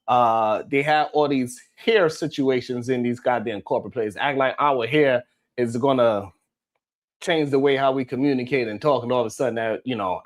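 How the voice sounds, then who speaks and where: A man hosting a live stream, reading the chat and talking in a blunt, heated, profane way. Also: medium pitch.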